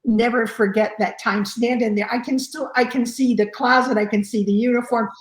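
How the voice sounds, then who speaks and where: A woman's voice: on the high side, steady tone, normal speed. A woman in her sixties, a fire chief guest, telling stories in a rambling conversational way with many fillers. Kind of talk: conversational storytelling. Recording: roomy echo.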